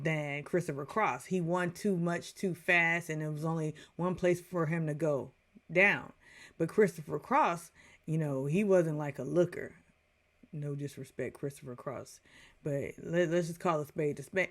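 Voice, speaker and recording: A woman's voice: sits low, a little slow. A woman in her forties giving a casual, chatty movie review, full of digressions and playful asides.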